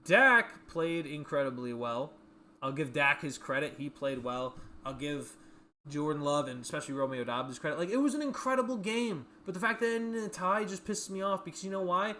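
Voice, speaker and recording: A young man hosting his own livestream show, rambling and excitable, repeating himself as he rants. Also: fairly high pitch, brisk, a little hiss or hum. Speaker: show host. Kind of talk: casual solo livestream rant.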